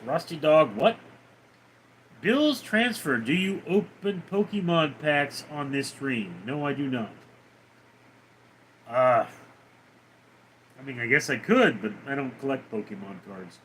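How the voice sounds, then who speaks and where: A man's voice: medium pitch, lively intonation, slow, fairly bright tone, slight background noise. A man hosting a casual livestream, reading viewer comments aloud and answering them with teasing, crude banter. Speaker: livestream host.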